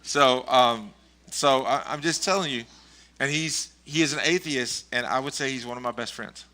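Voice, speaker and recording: A man's voice: medium pitch, normal speed, sharp tone. A middle-aged male pastor giving a casual, conversational sermon, telling stories with chuckles and frequent restarts. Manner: rambling, chuckling storyteller with many restarts.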